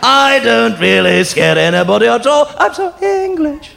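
A man's voice: extremely high pitch, lively intonation, normal speed, gravelly, noisy background, pitched above the performer's own voice, exaggerated voice. A comedian putting on a silly, camp English accent to play a harmless, prancing Englishman. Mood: preening. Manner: camp exaggerated English put-on. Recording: live stage in a big hall with crowd.

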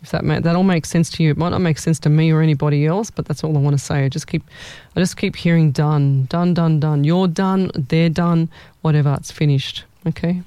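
A woman's voice: sits low, fairly even intonation, a little fast, dark tone, clear, resonant tone, dry recording. A woman hosting a live-stream as a psychic medium, chatty and rambling, often repeating her words. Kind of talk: live-stream readings for viewers.

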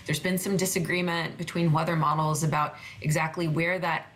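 Low-voiced woman weather reporter. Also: level tone, fairly quick, a bit bright. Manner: hesitant, lots of fillers and restarts. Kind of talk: interview answers.

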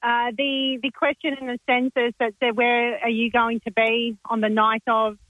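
High-voiced woman caller. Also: little pitch movement, moderate pace, dry recording, narrow, tinny audio. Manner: hesitant, storytelling, laughing. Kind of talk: call-in story.

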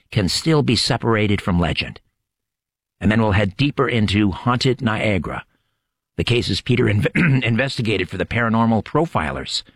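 A man hosts a late-night radio show in a dramatic, storytelling manner. His pitch rises and falls in a lively way. The sound is close and dry, with no room around it. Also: dry recording. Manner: dramatic, measured storytelling delivery. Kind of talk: scripted show opening narration.

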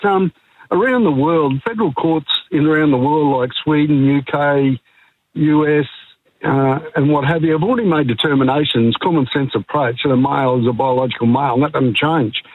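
A man's voice: on the high side, slightly rough, dry recording. A man calling in to talkback radio, rambling and indignant. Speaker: caller. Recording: tinny phone line.

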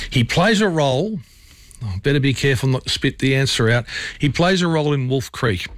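A man's voice: mid-range voice, a bit bright, no echo, studio quality. A man hosting late-night talk radio, chatting casually with many fillers and restarts. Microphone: studio mic.

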